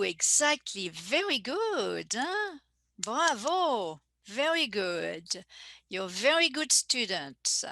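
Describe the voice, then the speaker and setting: Slow, bright-voiced teacher woman. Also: fairly high pitch, big pitch swings, dry recording. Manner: slow, careful, repeats phrases for learners. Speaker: French teacher. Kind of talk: live online language lesson.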